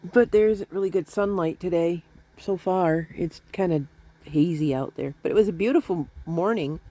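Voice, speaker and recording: A woman's voice: lowish voice, moderate pace, mellow. A middle-aged woman talking to her viewers from home in a rambling, chatty, self-deprecating way. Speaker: vlogger. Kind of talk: casual chat to camera. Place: at home, indoors.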